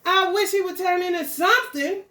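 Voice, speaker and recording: High-voiced angry ranting woman. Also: normal speed, pushed and bright, roomy sound, a little hiss or hum. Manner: angry, confrontational, swearing. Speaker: spiritual content creator. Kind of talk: profane stream-of-consciousness rant.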